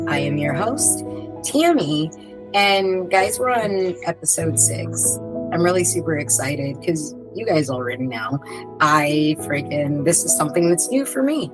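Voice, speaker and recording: Bubbly low-voiced woman hosting. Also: animated, a little slow, over music, poor audio. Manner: bubbly, swears freely, lots of "like". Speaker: podcast host. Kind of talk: casual group chat.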